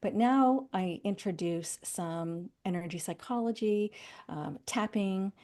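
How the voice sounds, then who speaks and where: A middle-aged woman, a psychologist guest on a podcast, telling stories with lively, acted-out quotes. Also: mid-range voice, slow pace. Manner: animated storytelling, acting out quoted voices. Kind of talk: podcast interview.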